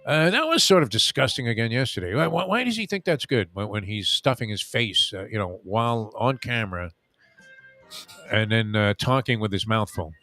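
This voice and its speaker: A man hosting a sports radio show, chatting casually and rambling with many halting uhs. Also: on the low side, lively intonation, bright, forceful tone, dry recording, faint music behind.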